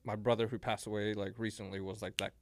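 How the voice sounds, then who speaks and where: Veteran guest, man, low voice, halting and earnest, dry close recording. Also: level tone, no room sound. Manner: halting, repeats words and restarts, earnest. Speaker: podcast guest, military veteran. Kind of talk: casual podcast chat.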